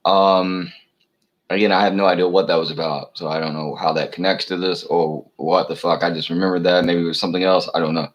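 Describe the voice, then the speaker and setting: A man's voice: low-pitched, level tone, a little fast, low-quality recording. A man delivering a rambling solo rant to camera, full of profanity, fillers and false starts. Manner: profane, meandering, many fillers and restarts. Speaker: channel host.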